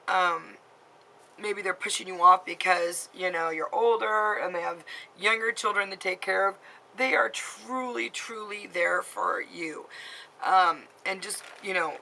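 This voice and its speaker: Late-30s woman vlogging advice, lots of um and you know, sincere, bright voice with a bit of fry. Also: medium pitch, slight background noise, rough recording. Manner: earnest, rambling, full of "you know" and "um". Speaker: vlogger giving advice to teen girls. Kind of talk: heartfelt advice talk to camera.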